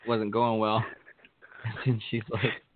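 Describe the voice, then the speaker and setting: A man's voice: on the low side, completely flat delivery, a little slow, slight background noise. Laughing young man on a tinny line. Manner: laughing storyteller, profane. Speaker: podcast co-host. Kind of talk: casual chat. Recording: tinny phone-like sound.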